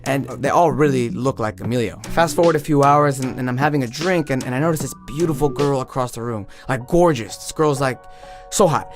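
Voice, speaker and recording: A young man rattles through a comic story at high speed, rambling and piling on the 'like's. His pitch sits in an ordinary middle range. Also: a little fast, over music. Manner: animated, rambling, full of 'like'. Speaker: comedian.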